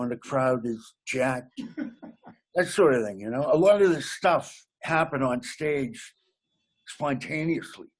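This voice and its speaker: Husky joking comedian man. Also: mid-range voice. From Massachusetts. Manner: jokey, rambling, laughs at own gags. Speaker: comedian guest. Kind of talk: casual interview chat.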